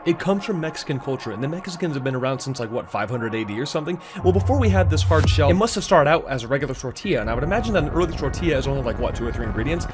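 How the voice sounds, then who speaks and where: A man's voice: medium pitch, rapid-fire, hardly any pauses. A man telling a funny story in a rambling, casual way, with music underneath. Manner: rambling and animated. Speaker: comedic storyteller.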